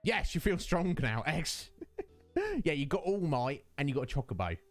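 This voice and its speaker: A man's voice: fairly high pitch, animated, normal speed, faint music behind. A man streaming a game live, chatting affectionately with his viewers and rambling through thoughts with many restarts. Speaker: Twitch streamer.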